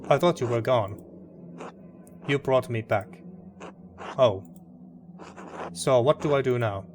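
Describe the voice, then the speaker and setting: A man's voice: medium pitch, slow, a little hiss or hum, lightly acted. A man reading a grieving, guilt-ridden hero. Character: grieving, guilt-ridden middle-aged male artist.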